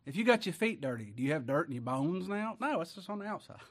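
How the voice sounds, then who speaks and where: Folksy preacher, fairly high voice. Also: male voice, big pitch swings, fast. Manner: folksy, asks the congregation many rhetorical questions. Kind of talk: sermon.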